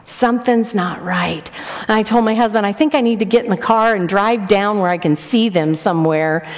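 Speaking a little fast at medium pitch, a grandmotherly older woman tells a story-driven sermon and acts out each voice with animation. A long echo from the hall and a muffled lo-fi quality mark the recording.

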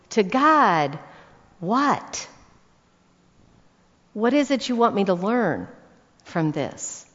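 A woman preaching a conversational sermon to women, reading scripture and asking her listeners direct questions. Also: fairly high pitch. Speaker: women's ministry speaker. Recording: dull sound with long hall reverb.

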